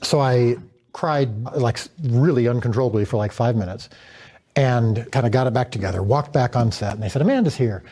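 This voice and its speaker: A man's voice: medium pitch, brisk, mellow. A man, the director of a series, telling a candid story in a panel conversation and acting out his own reactions.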